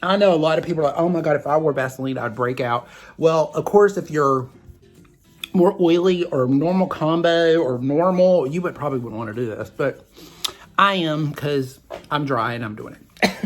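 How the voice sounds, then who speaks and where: A man with a Southern US twang hosting a makeup vlog, rambling chattily with asides to his viewers. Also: fairly high pitch. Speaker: makeup vlogger. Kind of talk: chatty beauty tutorial vlog.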